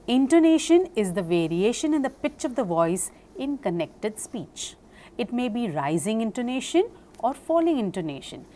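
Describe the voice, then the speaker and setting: Woman lecturing on speaking skills, slow and careful, spells words out, faint hiss behind. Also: mid-range voice, dark tone. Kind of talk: recorded lecture.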